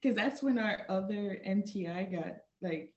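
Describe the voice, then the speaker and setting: A woman's voice: medium pitch, measured pace. A woman guest on a podcast, telling stories in casual chat and laughing as she goes. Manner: chatty, laughing storyteller. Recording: roomy, dull lo-fi sound.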